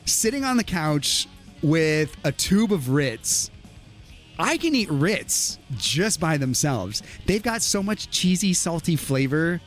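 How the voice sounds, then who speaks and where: A man hosting a livestream, chatting casually and reading viewer comments aloud, laughing often. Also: on the high side. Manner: animated, laughs often, lively. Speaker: livestream host. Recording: faint music behind.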